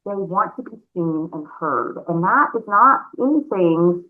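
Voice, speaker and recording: A woman's voice: fairly low pitch, unhurried. Chatty woman trainer on a tinny line. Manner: chatty and animated, addresses listeners as y'all. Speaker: sales and business trainer. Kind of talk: conversational training talk. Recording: narrow phone-like sound.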